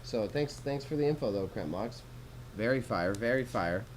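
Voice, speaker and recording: A man's voice: medium pitch, expressive, moderate pace, slight background noise, low-quality recording. Laid-back Canadian guy streaming. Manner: laid-back, slangy, swears casually, chats with viewers. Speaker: livestreamer. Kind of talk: casual livestream chat while sorting jewelry.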